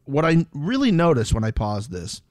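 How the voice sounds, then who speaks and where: A man's voice: fairly high pitch, sing-song, normal speed, a little mellow, no echo, clean studio sound. A man co-hosting a casual reality show recap podcast, talking in an easygoing way with lots of fillers. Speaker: podcast co-host.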